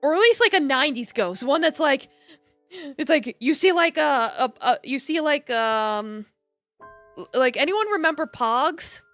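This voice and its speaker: A woman's voice: high-pitched, animated, measured pace, fairly bright tone, soft background music. A young woman streamer chatting and joking through a game, rambling with lots of fillers. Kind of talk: live game commentary.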